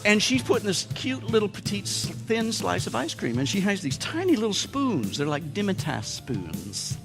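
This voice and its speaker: A man's voice: sits high, sing-song, a little fast, gravelly, long reverb tail, music in the background. A man with an American accent preaching a sermon as pastor, telling humorous stories and putting on playful voices for quotes. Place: church sanctuary.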